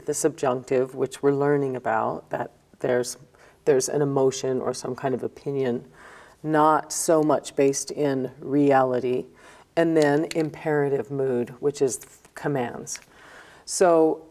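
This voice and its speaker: A woman's voice: low-pitched, warm tone. A woman teaching a recorded grammar lesson, explaining step by step and checking in with "okay?". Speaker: Spanish teacher.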